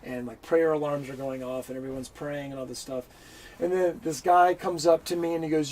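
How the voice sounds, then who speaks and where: A man telling a story in an interview, animated and swearing freely as he acts out the people in it. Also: fairly high pitch, fairly quick, slight background noise. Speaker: interview guest. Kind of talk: casual storytelling.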